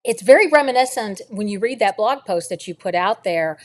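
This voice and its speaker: A woman hosting a book club interview over a video call, asking questions in a conversational, halting way. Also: mid-range voice, lively intonation.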